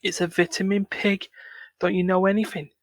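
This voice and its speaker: A man reads out a crude, menacing teenage boy who swears at every turn, in a slightly high voice. The reading is dry and close, with no room sound. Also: little pitch movement, moderate pace, no echo. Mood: taunting. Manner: crude, taunting, swears constantly. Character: foul-mouthed aggressive teenage boy, menacing.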